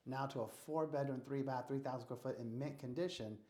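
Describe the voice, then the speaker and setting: An American real estate investor, appearing as a guest in a casual interview, tells stories in a mid-range voice at a fairly quick clip, animatedly acting out the dialogue. The recording carries a roomy echo.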